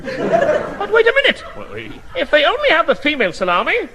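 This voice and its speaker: A high, blustering pompous official. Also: male voice, huge pitch swings, normal speed, crowd noise, heavily acted. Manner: bombastic, exclamatory, high-pitched bluster. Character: pompous excitable male official, blustering and daft. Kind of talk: 1950s radio comedy acting. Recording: hissy 1950s radio broadcast recording.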